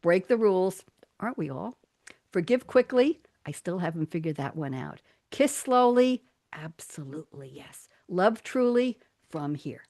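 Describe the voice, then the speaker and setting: A woman's voice: medium pitch, animated, measured pace, a little mellow. An older woman hosting a live radio talk show, reading quotes and poems aloud in a playful, theatrical way and laughing often. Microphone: studio mic.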